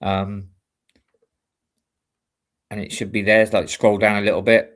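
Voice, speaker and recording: A man's voice: fairly low pitch, little pitch movement, measured pace, a bit bright. A man from the UK hosting a live stream show, chatting casually and rambling with many fillers and restarts. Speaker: show host and amateur stage actor. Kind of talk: casual chat.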